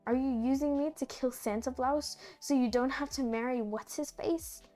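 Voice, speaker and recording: Girl reading a bitter suspicious young woman, blunt, kinda high, music faint behind. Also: steady tone, normal speed, dark tone, natural voice.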